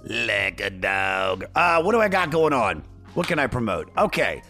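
A hoarse man hosting a podcast in loose, profane, rambling casual chat. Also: a little high, wildly swooping pitch, brisk, pushed and bright, faint music behind. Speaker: podcast host.

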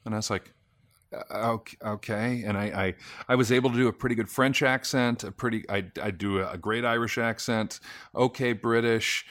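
A man's voice: mid-range voice, steady tone, fairly quick, fairly bright tone, dry recording. A man from Sacramento, an actor guest on a podcast, telling stories animatedly with restarts and repeated words. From Sacramento, California. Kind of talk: casual anecdotal storytelling.

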